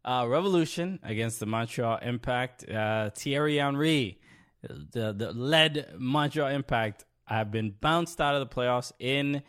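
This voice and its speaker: Halting man recapping soccer games. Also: mid-range voice, a bit bright, clean tone. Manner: halting, many fillers and restarts, earnest. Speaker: podcast host. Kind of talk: casual sports recap.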